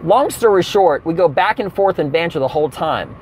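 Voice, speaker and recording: A young adult man telling a comedic story, animated and profane, with sudden exaggerated outbursts. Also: on the high side, brisk, slight background noise.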